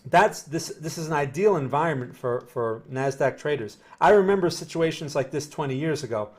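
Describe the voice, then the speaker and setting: A man's voice: a little high, lively intonation, a little fast. A middle-aged man with a New Jersey accent giving live market commentary, talking casually and answering viewer chat as he goes. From northern New Jersey. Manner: conversational, repeats himself, reads chat aloud. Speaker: market analyst streaming live.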